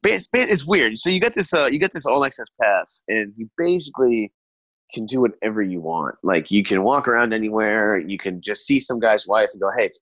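A man's voice: fairly low pitch, expressive, brisk, a bit bright, no room sound, poor audio. A hungover man co-hosting a podcast, telling a rambling, profane story between laughs and hiccups. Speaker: podcast co-host. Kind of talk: casual comedic storytelling.

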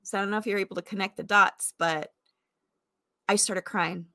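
A woman's voice: medium pitch, steady tone, normal speed, sharp tone, no room sound, clean studio sound. A woman in her forties gives a reflective personal testimony in an earnest, conversational way, full of fillers. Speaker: vlogger sharing faith testimony.

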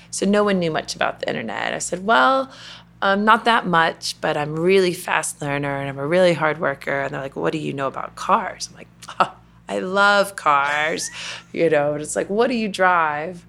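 A woman's voice: low voice, animated, a little fast, creaky, hardly any pauses. A middle-aged woman from Kentucky with a Southern accent, telling her story in a chatty interview with many fillers. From Kentucky, USA. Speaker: interview guest, company president. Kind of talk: conversational interview.

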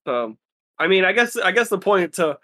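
A man's voice: high-pitched, very animated, normal speed, sharp tone. A man chatting casually about anime in a laid-back, rambling way, acting out what friends said.

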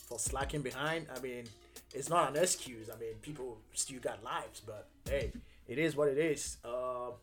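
A young adult man hosting a casual solo podcast, earnest and halting, with many fillers and restarts. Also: medium pitch. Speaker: podcast host.

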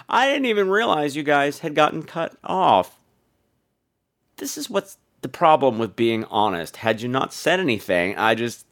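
Theatrical man with a swooping voice. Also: fairly bright tone. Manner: theatrical, swoops between low mutters and high squeals. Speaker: podcast host reading voicemails. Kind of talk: casual chat.

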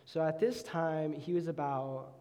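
A young man, an intern, preaching a youth sermon with an animated, laughing personal story. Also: fairly high pitch, a little slow. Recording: long hall reverb.

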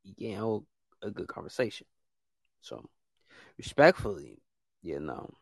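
A man's voice: low-pitched, very animated, unhurried, gravelly, husky, dry recording. A man who hosts a podcast, scolding listeners in a heated, repetitive rant about trolls and bans. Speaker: podcast host. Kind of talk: ranting monologue.

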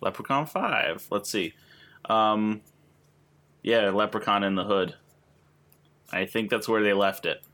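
Man, podcast co-host, lowish voice, bright tone, jokey casual chat. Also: a little slow, pauses often. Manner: jokey, riffing.

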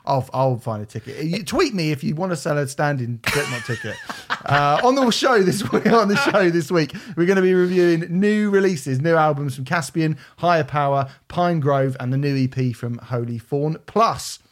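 A man hosting a music podcast in a slightly higher register. He chats in a jokey, easygoing way, often breaking into laughter between thoughts. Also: expressive, normal speed. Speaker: podcast host. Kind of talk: casual chat.

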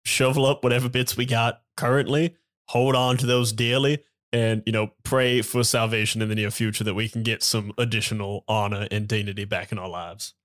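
A man's voice: on the low side, level tone, a little fast, a bit bright. A man playing a tabletop game, talking in a rambling, wry way full of fillers. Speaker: player. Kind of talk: casual in-character tabletop play.

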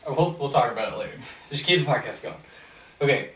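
A man's voice: mid-range voice, quick pace, background noise. Young man telling a rambling story. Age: young adult. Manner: rambling, animated retelling. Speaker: podcast host. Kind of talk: casual storytelling. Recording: roomy, mic at a distance.

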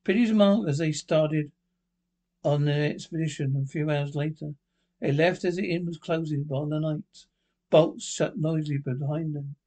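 A man narrating a ghost story, steady and plain, his voice sitting a bit high for a man. He reads through the text and stumbles on a word now and then. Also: normal speed. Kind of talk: reading a ghost story aloud.

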